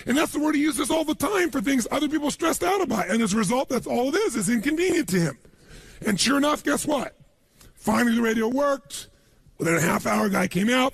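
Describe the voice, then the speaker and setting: A man giving a motivational seminar talk, telling stories to an audience in an animated way and acting out the people he quotes. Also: very high voice, creaky, husky, no echo. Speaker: motivational speaker.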